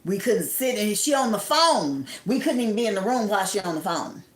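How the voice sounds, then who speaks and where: Woman, live-stream host, casual chat, reads comments, middle pitch, echoey room. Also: expressive, brisk. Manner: chatty, reads viewer comments aloud, preachy advice. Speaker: livestream host.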